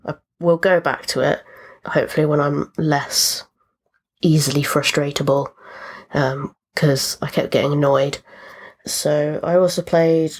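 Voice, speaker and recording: Low-voiced woman chatting about games. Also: fairly even intonation, measured pace, slightly rough. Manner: chatty, rambling with fillers and asides. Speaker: podcast host. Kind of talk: casual chat about video games.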